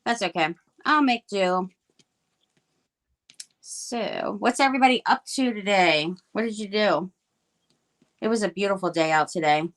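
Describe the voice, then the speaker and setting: A woman's voice: medium pitch, unhurried, pauses often, a bit bright. A middle-aged woman chatting casually while she crafts live, rambling with many fillers and restarts. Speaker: crafting livestream guest.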